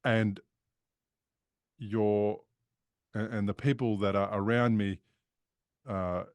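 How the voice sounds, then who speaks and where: A man's voice: fairly low pitch, steady tone, slow, clear, resonant tone, dry recording. A man as an interview guest, talking openly and emphatically about recovery in casual conversation. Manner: open, frank and emphatic.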